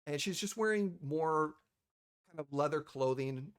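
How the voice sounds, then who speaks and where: A man's voice: fairly high pitch, unhurried, clean tone. A man narrating as game master, rambling with many fillers.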